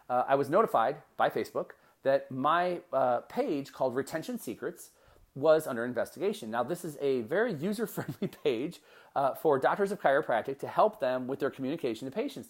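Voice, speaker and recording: Guy hosting his own podcast, talks solo and pumped up, voice swoops up and down a lot. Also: mid-range voice. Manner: energetic, conversational, with quick asides and restarts. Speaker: podcast host. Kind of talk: solo motivational podcast talk.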